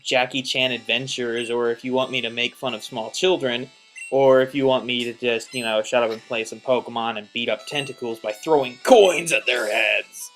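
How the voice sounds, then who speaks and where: A man's voice: mid-range voice, fairly even intonation, normal speed, a bit bright, faint music behind. A young man hosting a let's play, rambling casually and exasperated, with lots of restarts. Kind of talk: casual gameplay commentary.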